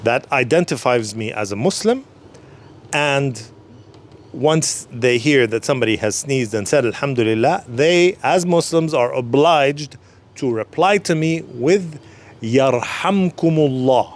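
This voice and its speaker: Man, mid-pitched voice, patient teacher, explains step by step, repeats phrases slower. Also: expressive. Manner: repeats phrases more slowly for the learner. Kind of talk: slow, patient religious lesson.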